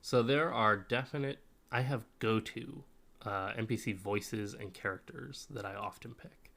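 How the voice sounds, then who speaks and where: A man's voice: lowish voice, measured pace, a bit bright. A man co-hosting a podcast in casual chat, explaining game-master advice at length.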